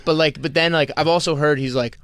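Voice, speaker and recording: A man, a guest on a podcast, telling fight stories casually, fast and full of likes and restarts. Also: fairly high pitch, steady tone, a bit bright, a little hiss or hum. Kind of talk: casual storytelling.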